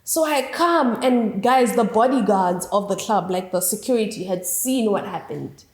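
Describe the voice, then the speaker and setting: Animated young woman telling a storytime. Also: medium pitch, normal speed. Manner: animated, quotes people in raised voices. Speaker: vlogger. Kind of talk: casual storytime. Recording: echoey room.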